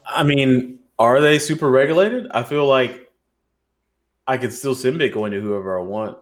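With a medium-pitched voice at normal speed, an American man co-hosts a roundtable podcast. The talk is casual, and he keeps it loose, jokey, profane and wandering.

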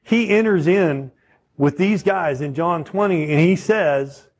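A man's voice: on the high side, animated, moderate pace, darkish tone, breathy edge. A man preaching a sermon in a conversational teaching manner, often checking in with his listeners. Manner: conversational teaching, asks the audience questions.

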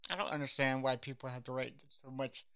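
A man's voice: medium pitch, level tone, brisk, creaky, pushed and bright. A man co-hosting a podcast, chatting casually about songs, hesitant with many fillers and trailing words. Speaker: podcast co-host.

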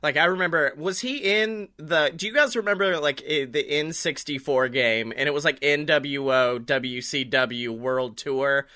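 A man co-hosting a casual wrestling podcast, talking in an animated way, swearing freely and laughing often. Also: fairly high pitch, normal speed, hardly any pauses. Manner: animated, swears a lot, laughs often, does silly impressions. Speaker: podcast co-host.

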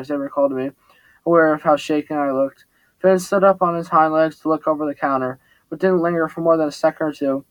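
A man's voice: a little high, steady tone, fairly quick, dry recording, low-quality recording. A man reading a first-person story aloud, plainly, with small slips and restarts. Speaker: audiobook narrator.

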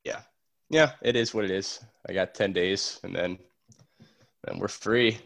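A young man co-hosting a podcast, his voice a little congested. He talks in a relaxed, easygoing way and laughs often as he chats. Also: low voice, measured pace, creaky. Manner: laid-back, laughs often. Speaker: podcast co-host. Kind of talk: casual chat. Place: isolation room.

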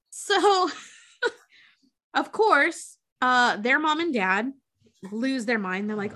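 A woman's voice: high-pitched, big pitch swings, takes it slowly, sharp tone. A woman in casual chat, retelling a story with frequent swearing and acted-out quotes. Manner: chatty, swears freely, acts out quotes. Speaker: podcast co-host recapping a film.

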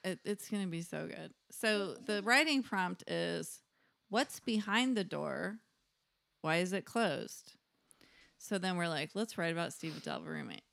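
A woman's voice: lowish voice, measured pace, gravelly, a bit bright, dry recording, studio quality. A woman co-hosting a podcast in casual, playful chat. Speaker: podcast co-host.

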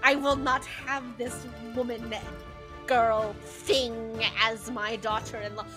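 A woman voicing a domineering hyena-folk mother who speaks slowly, in broken English with a put-on Slavic-sounding accent. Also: on the high side, little pitch movement, over music. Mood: scornful.

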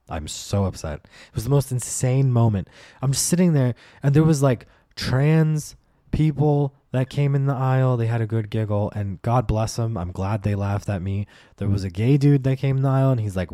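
A man's voice: lowish voice, mellow, dry recording, studio quality. A young man hosting a podcast, telling a comedic story as a profane, exasperated rant and acting out the voices of the people in it. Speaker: podcast host. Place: at home.

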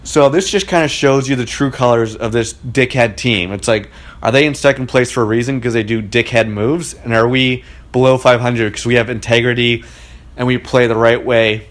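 A man's voice: medium pitch, steady tone, moderate pace. A man telling a story in a casual monologue at home in his living room, talking in a chatty and indignant way. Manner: chatty, indignant, frequent "like" fillers.

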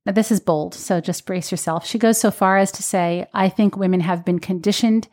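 A woman's voice: medium pitch, moderate pace. A woman who teaches birth classes, telling her own birth story in casual podcast chat, acting out the lines she quotes. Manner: animated storytelling with quoted voices. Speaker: birth educator.

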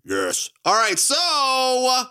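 A man hosting a casual film podcast, energetic and jokey, laughing often. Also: very high-pitched, slow, smooth, no room sound, studio quality. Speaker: podcast host.

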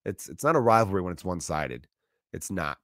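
A man in his thirties talking in a loose, rambling monologue, telling animated stories with restarts and swearing. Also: deep voice, a little fast, no echo, clean studio sound.

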